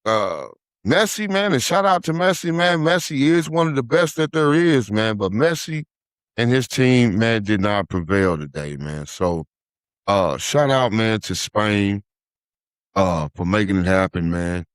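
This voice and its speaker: Male podcast host, low voice, loose chatty commentary, heavy "man" and "uh" filler, dry recording. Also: lively intonation, a little slow, clean tone, dry recording. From United States. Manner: says "man" after nearly every phrase, many "uh" fillers. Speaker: podcast host, life coach.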